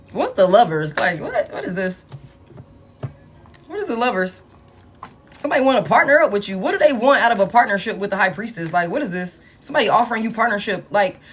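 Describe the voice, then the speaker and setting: Woman, tarot reader, live reading, blunt, profane, animated. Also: mid-range voice.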